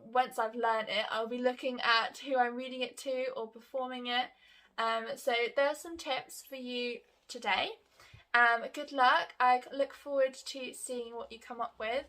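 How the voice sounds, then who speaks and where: A woman's voice: high voice, steady tone, moderate pace, sharp tone. A woman teaching a recorded lesson to young children, upbeat and encouraging, in simple words. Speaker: primary school teacher.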